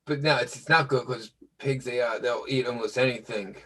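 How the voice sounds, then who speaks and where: A man in casual chat, talking haltingly with many restarts and fillers. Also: medium pitch, sharp tone, far from the mic, low-quality recording.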